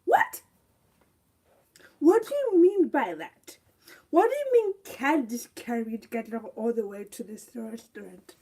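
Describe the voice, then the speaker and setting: A woman's voice: a little high, very animated, normal speed, warm tone, slightly rough. A young woman giving a live review of a TV show, ranting indignantly and firing off rhetorical questions.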